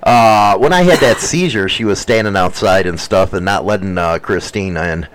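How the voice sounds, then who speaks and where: A man hosting a casual talk show at home, telling crude, animated stories and swearing constantly. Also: deep voice, normal speed, smooth, rough recording. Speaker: podcast host. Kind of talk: casual profane storytelling.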